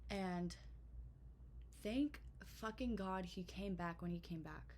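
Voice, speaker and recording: A young woman telling a storytime vlog in a chatty, animated way, full of swearing and filler words. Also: lowish voice, slow, slight background noise. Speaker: vlogger.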